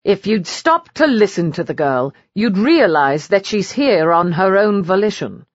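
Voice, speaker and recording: A woman's voice: mid-range voice, big pitch swings, measured pace, no echo, lo-fi sound. Woman voicing a lazy, mocking English lord. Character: cool, cynical aristocratic English lord, man. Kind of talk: audiobook character reading.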